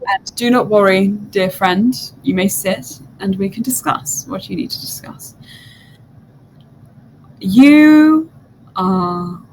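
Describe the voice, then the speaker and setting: A woman voicing a mysterious diviner who senses magic, speaking in a hushed, grand, flattering way. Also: medium pitch, measured pace, slight background noise, lightly acted, poor audio.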